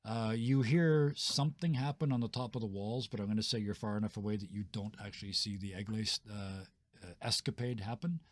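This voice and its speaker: A man running a tabletop game as game master, describing scenes in a relaxed, chuckling way with many fillers. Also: fairly low pitch, a little fast, dry recording. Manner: laid-back, chuckling, filler-heavy.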